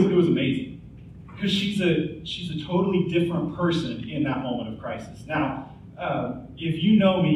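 A man's voice: on the high side, dull audio, background noise. A man in his forties preaching a sermon in a church, earnest and conversational, with rhetorical questions. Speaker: pastor. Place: church sanctuary. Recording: echoey hall, speaker far from mic.

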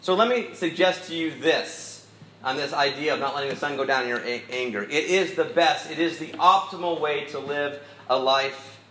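A man's voice: a little high, moderate pace, sharp tone, echoey room, a little hiss or hum, rough recording. A middle-aged man preaching a sermon in an easygoing, storytelling way with self-deprecating asides. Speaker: pastor.

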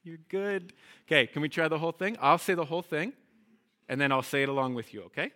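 Bright-voiced man teaching Hebrew to a congregation. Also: a little high, fast talker. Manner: lively, chatty, checks in with "okay?" and "right?". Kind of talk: teaching a congregation, call and response.

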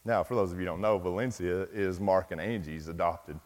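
A middle-aged pastor from East Tennessee delivers a folksy sermon, telling a self-deprecating story with plenty of fillers. His deep voice moves briskly, carrying the long reverb of a large hall.

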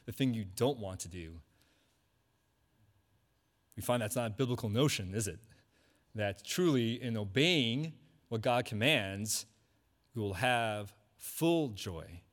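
A man preaching a sermon, asking rhetorical questions and repeating key points slowly. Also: mid-range voice, a bit bright. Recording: long hall reverb.

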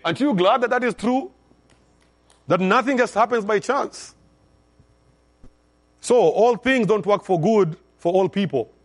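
A man's voice: high-pitched, a little slow, long pauses. Fervent male pastor preaching. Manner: call-and-response preaching with swings from soft to loud. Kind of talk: sermon.

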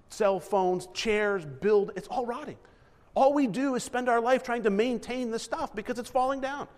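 A man's voice: sits high, long reverb tail. A man preaching a sermon in a conversational style, acting out little asides and correcting himself mid-sentence. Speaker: pastor.

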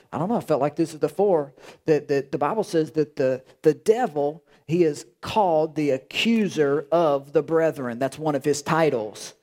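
A man's voice: on the high side, normal speed, a little mellow. A male pastor preaching a sermon in an emphatic, repetitive way, often restarting his phrases.

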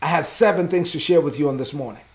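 A man's voice: fairly high pitch, fast. A man preaching a sermon as pastor, fervent and openly emotional.

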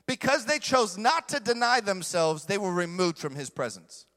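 A middle-aged male pastor preaching with emphatic force and repeating his key lines. His voice sits high and rings bright. Long reverb from a large hall trails every phrase. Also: very animated, moderate pace. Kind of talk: sermon.

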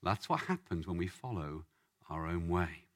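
A man preaching a sermon as a lively story, acting out the voices of the people in it. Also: low voice, moderate pace. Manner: animated, acts out voices in the story.

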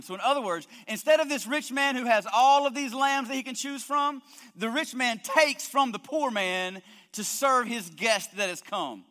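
A man's voice: very high voice, moderate pace, bright, forceful tone. Emphatic male pastor in an echoing hall. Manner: emphatic preaching with frequent word repetitions. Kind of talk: sermon. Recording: long hall reverb.

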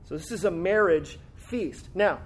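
An unhurried, slightly rough, high-pitched man's voice delivers an expository sermon. He reads scripture aloud with rising fervor and explains it in a conversational style, leaning on frequent tag questions.

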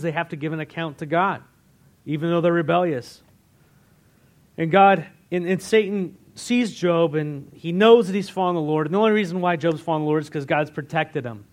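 A man with a fairly high voice preaches a sermon. He is chatty and animated, often asks the congregation questions, and retells scripture in plain, everyday words. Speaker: pastor.

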